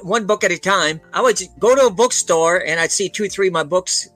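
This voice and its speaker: A man, an author and interview guest, chatting casually and laughing often as he tells animated stories. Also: high voice, fairly quick, faint music behind. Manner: animated storyteller, voices the people he quotes.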